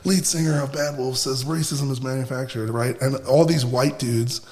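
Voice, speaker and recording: A man's voice: mid-range voice, fairly even intonation, moderate pace, darkish tone. A man from Brooklyn, a podcast guest telling stories emphatically, with frequent restarts and profanity. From Brooklyn, USA. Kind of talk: casual podcast conversation. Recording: roomy with long reverb.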